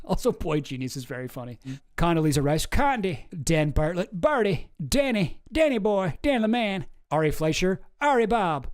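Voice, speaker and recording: A man's voice: fairly high pitch, darkish tone. A man hosting his channel, reading through documents and commenting in a rambling, profane way that keeps interrupting itself. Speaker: channel host.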